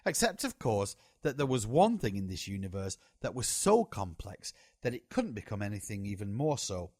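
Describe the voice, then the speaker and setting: A man reading a memoir aloud as an audiobook, in a slow, lively storytelling way. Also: fairly low pitch, no echo, clean studio sound. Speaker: audiobook reader.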